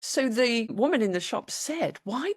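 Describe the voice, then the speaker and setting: A middle-aged British woman, a podcast guest and author, telling her story in a casual interview with lively, acted-out quotes. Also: mid-range voice, normal speed, no echo, clean studio sound. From Britain. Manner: animated storytelling, acts out quoted voices.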